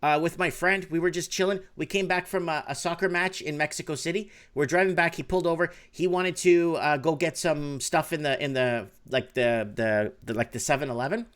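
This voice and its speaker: A man's voice: a little high, fairly quick, hardly any pauses, a bit bright. A man hosting a casual talk show, telling long rambling anecdotes full of fillers and restarts. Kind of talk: casual chat.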